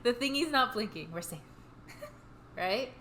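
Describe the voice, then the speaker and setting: A woman's voice: fairly high pitch, animated, takes it slowly, bright, forceful tone, a little hiss or hum, low-quality recording. A young woman co-hosting a podcast, chatting casually and reading history notes with jokey asides and easy laughter. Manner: laughs easily, jokey asides between read-out facts. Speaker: podcast co-host.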